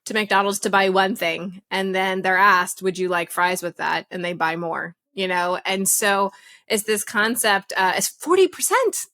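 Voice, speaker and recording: Woman, podcast co-host, bright sharp tone, lively, laughs often. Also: medium pitch, measured pace. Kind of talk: casual podcast chat.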